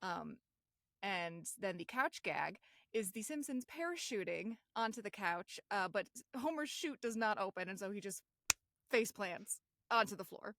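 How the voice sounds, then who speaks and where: A woman's voice: medium pitch, animated, measured pace, a bit bright. A woman co-hosting a podcast in casual chat, chatty and laughing often. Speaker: podcast co-host.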